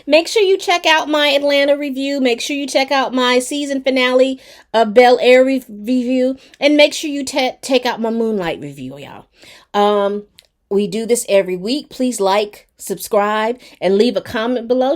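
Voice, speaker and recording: A woman's voice: high-pitched, animated, moderate pace. A woman giving a casual, chatty recap and review of a TV episode, talking straight to her viewers. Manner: chatty and colloquial, addressing viewers directly. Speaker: TV show reviewer.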